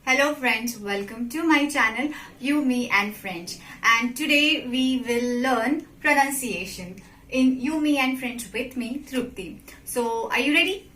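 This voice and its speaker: A woman teaching a simple French lesson, slow and patient, often checking with the listener. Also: high-pitched, sharp tone. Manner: slow and patient, repeats and checks with "okay?" and "right?". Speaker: French teacher, channel host. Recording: echoey room with faint background noise.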